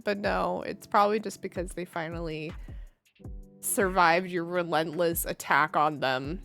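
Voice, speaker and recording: A woman's voice: mid-range voice, moderate pace, a bit bright, faint music behind. A woman streamer chatting casually while she plays a game, giggling often and poking fun at herself. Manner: chatty, giggly, self-deprecating. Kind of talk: casual livestream chat while gaming.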